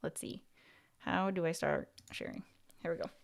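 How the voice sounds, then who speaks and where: A woman with a lowish, smooth and resonant voice coaching viewers on a casual livestream. She talks loosely, with plenty of "like" and "you know", and often stops and restarts mid-thought. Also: level tone, normal speed. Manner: chatty, heavy on fillers like "like" and "you know". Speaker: YouTube coach and livestream host.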